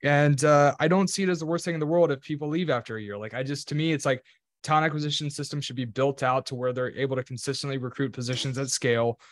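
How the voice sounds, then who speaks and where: Male podcast host, casual and chatty, mid pitch, dry close sound. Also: steady tone, fast, dry recording. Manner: casual, lots of "like" fillers. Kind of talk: conversational interview.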